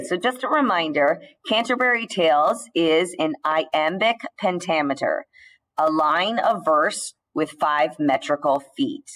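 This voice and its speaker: A woman teacher giving a recorded slide lecture, explaining in a measured way with the odd filler and restart. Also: low-pitched, poor audio.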